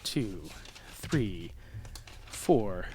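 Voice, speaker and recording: A man co-hosting a podcast in casual chat, profane and animated, laughing often. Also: fairly low pitch, extremely slow, slightly rough. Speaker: podcast co-host.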